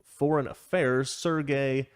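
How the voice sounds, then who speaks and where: A man's voice: mid-range voice, fairly even intonation, takes it slowly, clean tone, dry recording, clean studio sound. A man hosting a casual political commentary show, opinionated and rambling, chuckling often as he talks. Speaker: show host.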